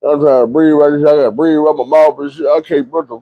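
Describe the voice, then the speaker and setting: A man's voice: fairly high pitch, steady tone, quick pace, no room sound, dull audio. A young man telling a profane, vivid personal story in a casual monologue. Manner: vivid, profane retelling with shouted quotes.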